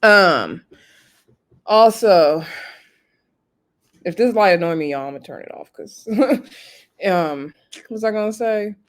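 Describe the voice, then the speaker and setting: A woman reviewing a reality show on her channel in casual chat, expressive and slangy. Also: mid-range voice, slow, pauses often. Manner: chatty and expressive, drops into slang and acts out quotes. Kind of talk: casual recap chat to camera. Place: home setup with a ring light.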